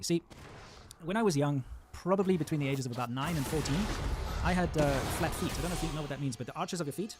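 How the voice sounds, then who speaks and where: A man from Africa, rambling through an opinion monologue full of ums and side tracks. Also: fairly high pitch. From South Africa. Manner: rambling and digressive, many ums. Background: loud metal music.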